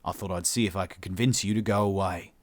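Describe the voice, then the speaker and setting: A man's voice: low voice, fairly even intonation, quick pace, no room sound, natural voice. A man voicing a cocky, menacing human male salvager who talks casually, swears and keeps saying "mate".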